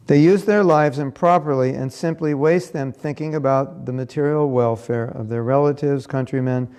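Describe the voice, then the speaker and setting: A man giving a scripture class in a relaxed, conversational way. His voice is dark and gravelly, and he often drops softer as he tells a story. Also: medium pitch, moderate pace. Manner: conversational, storytelling, asks listeners questions. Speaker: class speaker.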